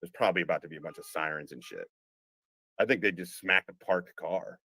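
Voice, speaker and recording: Low-voiced man, rambling and profane. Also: fairly quick, pushed and bright, dry recording, rough recording. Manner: swears a lot, rambling with restarts. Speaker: podcast host. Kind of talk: casual live-streamed conversation. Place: home room, car parked outside.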